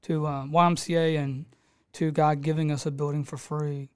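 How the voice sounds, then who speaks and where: Man, pastor telling his story, smooth clear voice, narrow pitch range. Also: flat delivery, moderate pace, darkish tone. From Texas. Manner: storytelling, acts out quoted people, laughs easily.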